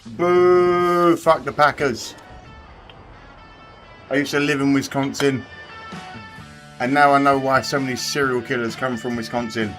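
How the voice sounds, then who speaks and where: A man's voice: mid-range voice, level tone, normal speed, long pauses, a bit bright, faint music behind. An English man hosting a live race watch party, bantering with his chat and swearing freely. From England. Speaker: livestream host.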